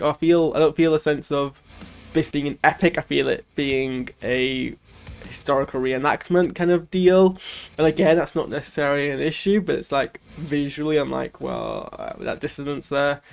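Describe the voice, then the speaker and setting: Gravelly man rambling through a reaction. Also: fairly high pitch. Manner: rambling, with many "like"s and restarts. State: ill. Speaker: channel host reviewing a show. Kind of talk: casual post-watch reaction.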